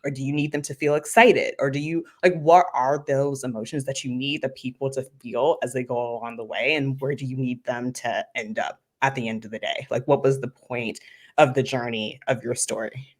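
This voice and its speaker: A woman marketing consultant talking as a podcast guest, animated and emphatic, saying "like" often. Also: rumbling low, normal speed. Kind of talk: conversational interview.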